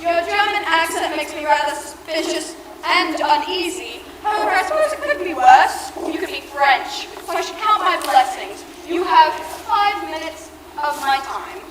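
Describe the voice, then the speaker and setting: Teen girl doing a snooty rich lady, super high voice, blunt and lofty, echoey stage hall from far off. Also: measured pace. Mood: haughty. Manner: haughty and blunt. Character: haughty, imperious aristocratic lady. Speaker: high school actor. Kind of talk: school stage play. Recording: echoey hall, distant mic, noisy.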